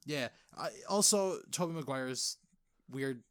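A man from Wisconsin talks eagerly on a podcast, restarting his sentences as his thoughts run ahead. His voice sits at a middle pitch. The recording is close and dry. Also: lively intonation, slow, clean tone, no room sound. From Wisconsin, USA. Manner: eager, stumbling restarts, playful. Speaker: podcast co-host. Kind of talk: casual podcast chat.

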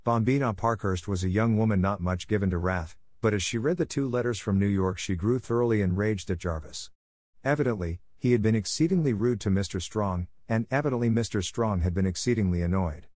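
Low-voiced man narrating a novel. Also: fairly quick, a little mellow, dry recording, clean studio sound. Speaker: audiobook narrator. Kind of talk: scripted narration.

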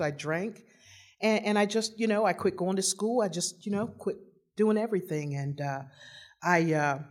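Rambling woman telling a funny life story. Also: on the low side. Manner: rambling, many fillers and restarts, self-mocking. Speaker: storyteller giving a personal testimony. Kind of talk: humorous personal storytelling.

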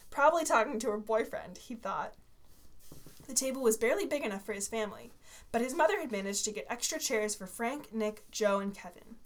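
Woman co-host reading a kid's story, higher voice, giggly asides. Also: lively intonation, fairly quick, slight background noise. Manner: giggly, reads with asides and corrections. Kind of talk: reading a story aloud and chatting.

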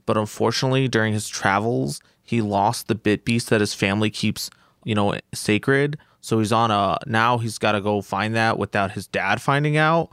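A man's voice: on the low side, moderate pace, fairly bright tone, smooth, no room sound, studio quality. A man, a tabletop game player, casually explaining his character, sheepish and laughing as he talks. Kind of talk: casual chat introducing a character.

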